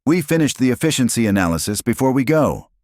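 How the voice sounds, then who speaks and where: A man's voice: mid-range voice, quick pace, no echo, studio quality, voice pushed up, lightly acted. A man voicing a small, eager alien cub child in a narrated sci-fi story. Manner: eager, excited.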